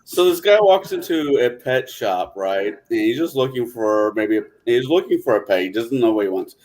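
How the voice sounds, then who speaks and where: A man telling a joke in casual chat, his voice rising and falling a lot. He puts on quick voices for the people and animals in the story. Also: mid-range voice, animated, a little mellow. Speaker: co-host.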